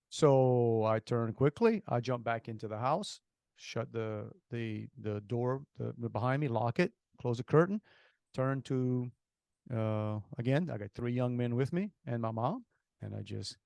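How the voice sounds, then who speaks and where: A man's voice: medium pitch, creaky, darkish tone, no room sound. A man with a Cajun accent, co-hosting a podcast and telling a long rambling story with many restarts. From Louisiana. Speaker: podcast co-host. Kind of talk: casual storytelling.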